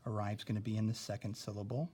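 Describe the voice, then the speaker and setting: A young male teacher, with a slightly low voice, walks through a spelling lesson at a patient, careful pace and keeps checking in with "okay?". A faint hiss sits under the recording. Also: flat delivery, fast, dark tone.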